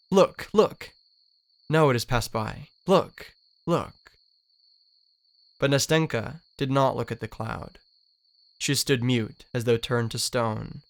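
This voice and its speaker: Brief: man reading a lovesick young dreamer, smooth, earnest, wistful. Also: medium pitch, natural voice. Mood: eager. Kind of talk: dramatic reading of a novel.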